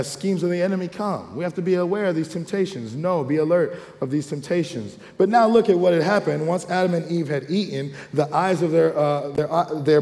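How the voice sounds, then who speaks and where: A male pastor, preaching a lively sermon with call-and-response asides and acted-out quotes. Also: fairly high pitch, creaky. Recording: long hall reverb.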